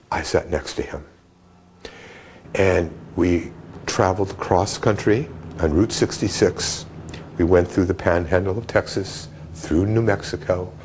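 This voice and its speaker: A man in an interview, recounting a memory with vivid, animated storytelling. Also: low voice, slight background noise.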